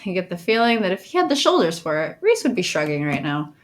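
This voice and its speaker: A woman's voice: on the low side, quick pace. Woman streamer reading out a visual novel, bouncy voice that swings all over, playful. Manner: reads game narration aloud in a lively, playful tone. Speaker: let's play streamer.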